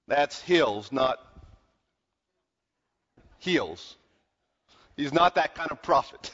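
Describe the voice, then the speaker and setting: Man preaching, pretty high voice, slows down to hit the big lines, dull lo-fi sound. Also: animated, fairly bright tone. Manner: earnest, slows down to stress lines. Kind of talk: sermon. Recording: dull sound with long hall reverb.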